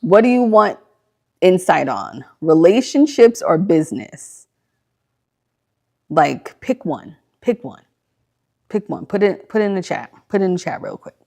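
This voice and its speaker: A woman's voice: fairly low pitch, sing-song, unhurried, creaky, pauses often, a little mellow. A woman hosting a casual spiritual livestream, answering viewer questions in a bubbly, gushing way with many likes and ums, on a computer mic. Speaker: host of live spiritual Q&A stream.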